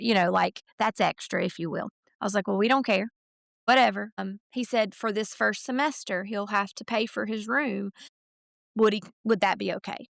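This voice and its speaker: Woman, middle-aged, podcast guest, casual storytelling, strong vocal fry, dry close recording. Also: mid-range voice, no room sound. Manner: chatty, retells conversations in quoted voices, many fillers. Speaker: podcast guest, mother of a college football recruit.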